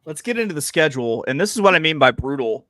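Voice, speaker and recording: A man's voice: a little high, big pitch swings, fast talker, fairly bright tone, no echo, clean studio sound. A man hosting a casual sports betting chat, talking in a chatty, playful way with frequent fillers. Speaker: podcast host.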